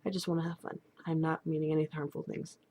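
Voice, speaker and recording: Low-voiced rambling young woman vlogging. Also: little pitch movement, fast talker, warm tone, slight background noise. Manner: chatty, rambling, many fillers and restarts. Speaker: steampunk vlogger. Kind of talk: casual rambling vlog.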